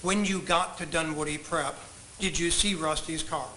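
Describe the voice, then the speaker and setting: A man examining a witness in a courtroom, asking measured, polite, leading questions. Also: a little high, steady tone, bright, forceful tone, a little hiss or hum, low-quality recording. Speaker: trial attorney questioning a witness.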